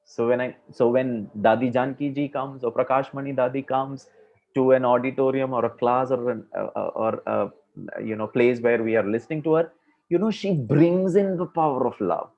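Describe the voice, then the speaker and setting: This man delivers a conversational spiritual talk to a class, peppering it with fillers. His voice sits at medium pitch with a moderate pace, captured on dull lo-fi audio.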